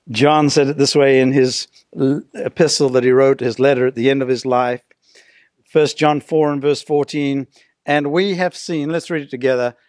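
Emphatic older pastor preaching. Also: male voice, on the high side, dry recording, clean studio sound. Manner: emphatic preacher, slows and stretches key words, drops to a hush at phrase ends. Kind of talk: sermon.

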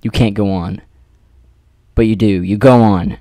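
A man narrating an adventure story in the second person, with theatrical pauses and rhetorical questions. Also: on the low side, fairly even intonation, mellow, dry recording. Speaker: narrator reading an AI-written adventure.

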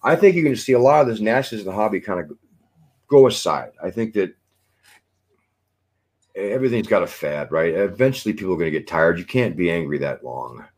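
A man's voice: low-pitched, animated, brisk. A man in casual podcast chat, earnest and musing, with lots of fillers. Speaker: podcast panelist.

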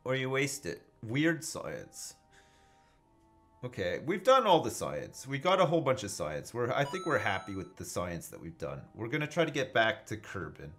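A man's voice: medium pitch, wildly swooping pitch, normal speed, a bit bright, soft background music. A man casually commenting on his own space game live, joking, swearing and thinking aloud as he reads chat. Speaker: gaming livestreamer.

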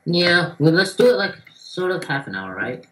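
Excitable young gamer, bright voice. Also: medium pitch, normal speed, low-quality recording. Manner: excitable, loud bursts, curses casually. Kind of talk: casual gaming chat.

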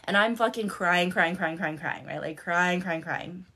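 With a fairly low pitch and a sharp tone, she speaks at a measured pace. The middle-aged life coach recounts her own experiences to her live stream audience, cursing openly and hammering points home by repeating words.

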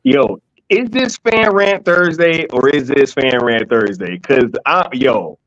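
A man's voice: on the high side, animated, slow pace, a bit bright, dry recording. A man joining a live stream as a guest, talking in a hyped, slangy way with a few stammers. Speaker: guest from another channel. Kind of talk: casual live-stream chat. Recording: dull dry remote mic.

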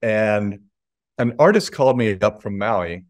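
A middle-aged man, a guest artist, telling stories in a relaxed, chuckling way on a video call. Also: lowish voice, unhurried, dry recording. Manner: laid-back, chuckling storyteller. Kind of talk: casual interview chat.

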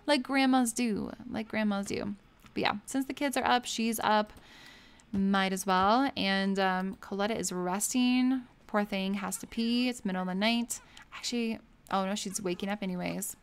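A woman's voice: medium pitch, measured pace, smooth. A woman giving casual, chatty commentary over a life-sim game, laughing often and gushing over the family she plays. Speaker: gameplay streamer.

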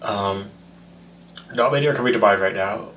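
A man's voice: on the low side, normal speed, fairly bright tone, a little hiss or hum. A tipsy man rambling in a casual, self-mocking vlog. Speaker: vlogger.

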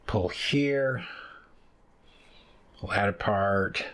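Extremely slow and smooth, this man's voice sits on the low side with a fairly bright tone. He hosts a fiber arts channel, giving a casual hands-on tutorial and rambling with lots of ums and uhs as he reads and works with wool.

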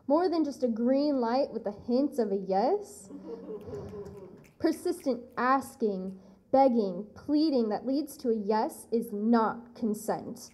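A woman performing spoken word poetry on stage, deliberate and firm. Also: on the high side, expressive, warm tone, rough recording. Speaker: slam poet. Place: live poetry event on stage.

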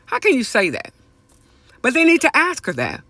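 A man hosting a podcast, delivering a passionate, profane opinion rant that repeats phrases for emphasis and swings from high exclamations to low mutters. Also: huge pitch swings, moderate pace, bright, forceful tone, no echo. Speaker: podcast host. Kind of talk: ranting opinion monologue.

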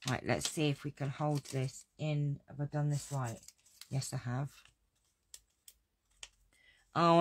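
A woman chats away while she makes a craft project, joking about herself and laughing often. Her voice has a lot of gravelly fry. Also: a bass voice, a little mellow, slight background noise. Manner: chatty, self-deprecating, laughs often. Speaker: crafting video host. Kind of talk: casual live crafting chat with viewers.

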